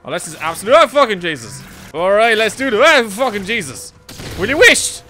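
A man's voice: sits high, very animated, a little fast, music in the background. A young man giving rowdy, joking let's play commentary, swearing and bantering at the game. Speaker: gaming YouTuber.

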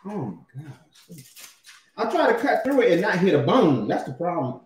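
A man's voice: sits high, normal speed. Guy hyped about his ribs, talking to the chat, big echo in the kitchen. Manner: animated, exclaims often, talks to viewers as y'all. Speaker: livestream co-host cooking ribs. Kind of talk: casual livestream chat. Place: home kitchen.

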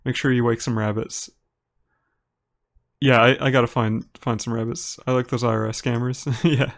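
A man from Minnesota with an Upper Midwest American accent, a live streamer giving relaxed, chatty gameplay commentary and reading viewers' messages aloud. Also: mid-range voice, normal speed, creaky. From Minnesota, United States. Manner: relaxed and chatty, laughs easily, talks to viewers by name.

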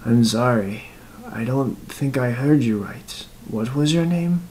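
A man's voice: medium pitch, animated, measured pace, a little mellow, a little hiss or hum, pitched above the performer's own voice, close to an everyday voice. A man playing a frail blind old killer. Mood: pleading. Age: 70s.

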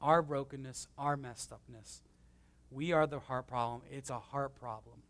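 A man preaching a conversational sermon as pastor, swinging between emphatic and hushed, with self-deprecating stories. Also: medium pitch, steady tone, normal speed. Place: church.

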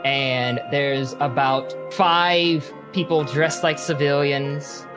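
A man narrating a tabletop game as game master, pausing often with ums as he describes scenes. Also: a little high, over music, low-quality recording. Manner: hesitant, filler-heavy narration with lively swings.

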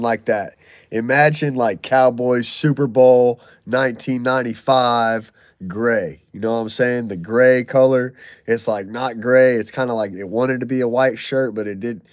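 Reading viewer comments and spinning stories, this thirtysomething livestream host talks in loose, slangy, jokey language and gets excited whenever donations come in. His voice is mid-range, recorded at studio quality with no room sound.

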